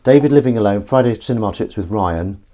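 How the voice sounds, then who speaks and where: A man's voice: on the low side, expressive, fast, dark tone. A man chatting casually as he washes up in his kitchen, rambling and reading out viewer comments. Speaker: streamer. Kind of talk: casual chat while washing up. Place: kitchen at the sink. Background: clattering dishes and cutlery.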